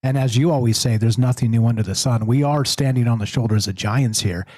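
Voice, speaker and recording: A man's voice: medium pitch, fairly quick, dry recording. Emphatic host man, dry close sound. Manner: animated, emphatic, rising to exasperated. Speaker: show host. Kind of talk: casual call-in chat.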